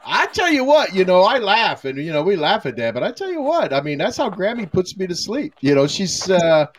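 Older American podcast host, animated pitch, somewhat high, faint noise behind, rambling and jokey. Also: male voice, fairly quick. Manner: jokey, rambling, laughs often. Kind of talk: casual chat.

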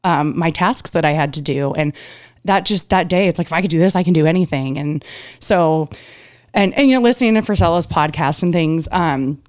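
A woman's voice: deep voice, fairly quick, darkish tone, no echo, clean studio sound. A woman in her thirties telling a personal story in a casual podcast chat, acting out quotes with laughs and the odd swear. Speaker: guest.

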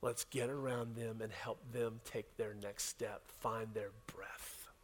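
A man preaching a sermon to his congregation in a conversational way, often dropping to a soft hush for emphasis. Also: on the low side, flat delivery, slow pace, slightly rough. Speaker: pastor. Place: church service with a congregation.

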